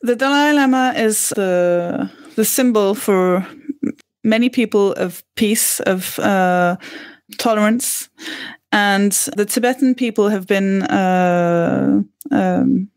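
A woman debating on a casual podcast, speaking thoughtfully and pausing to search for words. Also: medium pitch, darkish tone, dry recording.

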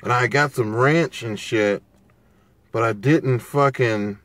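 A man's voice: mid-range voice, takes it slowly, dry recording. Man, food vlogger, sleepless, gushing, swearing, phone mic, parked car. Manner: excitable, profane, gushing over food. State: sleep-deprived. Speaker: food-review vlogger, show host. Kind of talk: casual food review vlog.

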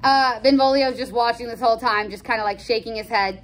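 A woman casually explaining a play in a chatty, slangy, animated way. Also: fairly high pitch, brisk, hardly any pauses, a little hiss or hum. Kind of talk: casual lesson with read-aloud scenes.

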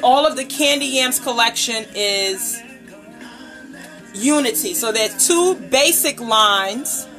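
A woman with a high, bright voice hosts a live unboxing stream from home. She talks slowly and gushes with excitement, greeting her viewers by name. Her voice is picked up by a tablet microphone, with faint music behind her. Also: low-quality recording. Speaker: nail polish brand ambassador and livestream host. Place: indoors at home, table set up. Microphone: tablet camera microphone.

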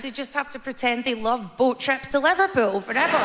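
A woman's voice: sits high, a little fast, hardly any pauses, long reverb tail, very noisy. A woman with a Scottish accent doing a stand-up comedy set on stage, blunt and brash in her storytelling. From Scotland. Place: large theatre stage.

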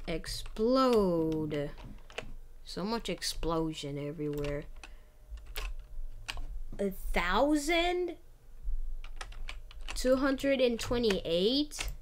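A woman chats her way through a video game, excitable and bouncing from thought to thought. Her voice swings widely in pitch and she speaks at an easy, unhurried pace. Faint keyboard clicks sit behind her. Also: a little hiss or hum. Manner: chatty, excitable, quick gasps and exclamations. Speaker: gamer. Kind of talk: casual gameplay commentary.

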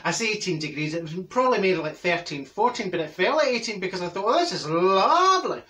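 A man's voice: sits high, very animated, fast talker, pushed and bright, far from the mic, exaggerated voice. A man playing a chatty middle-aged Glaswegian woman with a Glaswegian Scottish accent, rambling through gossip full of asides and restarts in a comic monologue. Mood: gossipy chatter. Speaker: comedy character vlogger.

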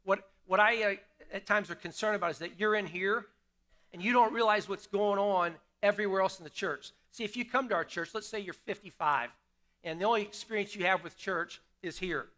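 High, bright-voiced pastor preaching. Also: male voice, a little fast. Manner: conversational, asks the congregation questions and repeats key lines. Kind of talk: sermon. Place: church sanctuary.

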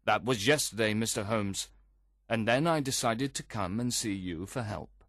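A man giving an expressive, scripted first-person narration of a story. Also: fairly low pitch, moderate pace, no echo, clean studio sound. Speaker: audiobook reader.

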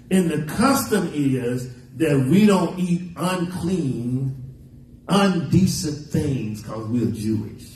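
A man's voice: a little high, a little mellow, a little hiss or hum. A man preaching a sermon as pastor, mixing folksy stories and dramatic quoted lines. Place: church sanctuary. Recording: echoey church recording from a distance.

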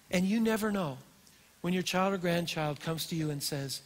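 An older man preaching a sermon in a church, telling stories in an animated, storytelling way. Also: sits high, normal speed. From Colorado, USA. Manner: storytelling, animated and warm-hearted. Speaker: pastor. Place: church auditorium. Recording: long hall reverb.

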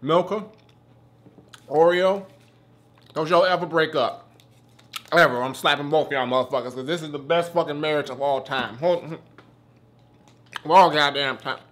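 A man's voice: on the high side, moderate pace, pauses often. A man hosting a casual food review, swearing often and getting worked up as he eats between sentences. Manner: profane, excitable, talks while eating.

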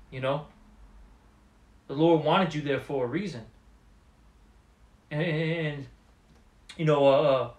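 A man giving an informal religious lesson, halting often and repeating words, with many fillers, and calling the listener "man". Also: on the high side, reverberant. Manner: streetwise, addresses listener as man. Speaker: religious teacher.

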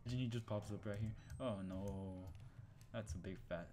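A man's voice: fairly low pitch, normal speed, over music. Jokey, profane young gamer man. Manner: jokey and profane, swinging from muttering to panicked yelling. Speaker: gaming channel host. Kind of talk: horror game commentary.

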